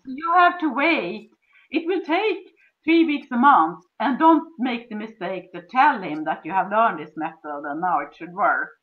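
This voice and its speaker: A woman's voice: medium pitch, animated, a little slow. A woman with a Swedish accent, a relationship coach, explaining step by step and acting out sweet dialogue. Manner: acts out dialogue with sweet cooing voices. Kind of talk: instructional conversation. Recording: dull lo-fi sound.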